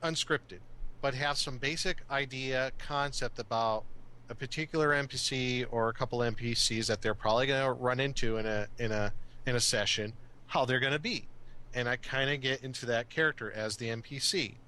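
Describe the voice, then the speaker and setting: A man with a bright, forceful voice talks shop on a gaming podcast. He is a self-declared ham, playful and theatrical, and he laughs easily between points. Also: mid-range voice, moderate pace. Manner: theatrical and hammy, laughs often. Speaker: podcast co-host and game master. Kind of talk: casual chat.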